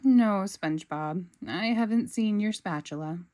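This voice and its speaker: A patient pufferfish driving teacher, played by a woman in a storybook read-aloud. She speaks gently and evenly, close to the reader's own voice, with slow pacing. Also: medium pitch, lightly acted.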